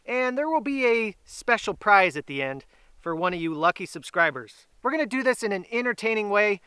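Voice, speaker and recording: Upbeat chatty man with a high voice. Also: big pitch swings, bright, forceful tone, clean tone, no echo, clean studio sound. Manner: upbeat, chatty, drawn-out announcements. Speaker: grilling channel host. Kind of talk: casual giveaway vlog. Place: outdoors.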